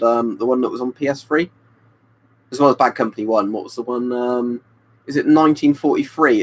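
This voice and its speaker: A man's voice: mid-range voice, rough recording. A man chatting casually on a webcam live stream, rambling and answering viewers by name. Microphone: webcam stream mic.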